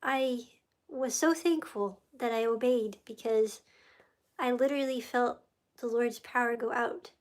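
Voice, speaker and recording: A woman's voice: a little high, measured pace. A woman hosting a livestream, telling a faith story in a rambling, emotional way and easily sidetracked. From United States. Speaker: livestream host. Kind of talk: casual faith testimony livestream.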